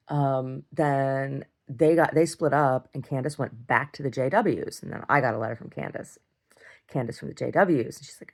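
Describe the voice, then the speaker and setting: A woman's voice: a bass voice, creaky. A middle-aged woman telling a story in a casual video diary, rambling, restarting and repeating words, and swearing when heated. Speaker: video diarist.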